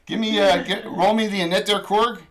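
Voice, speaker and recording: A man acting as dungeon master, running a tabletop game in a relaxed, chatty way with lots of fillers. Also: high voice, a little fast.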